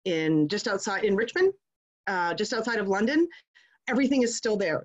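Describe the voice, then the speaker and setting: A woman's voice: medium pitch, muffled recording. A woman giving a casual online class, talking in a chatty, digressive way that slips into rants. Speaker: class presenter. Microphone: video call.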